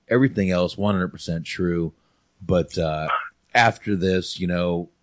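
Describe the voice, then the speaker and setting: Deep-voiced man rambling about a movie. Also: a little mellow, no echo. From North Carolina. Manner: rambling, frequent restarts and fillers. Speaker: podcast host. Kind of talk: casual movie review chat.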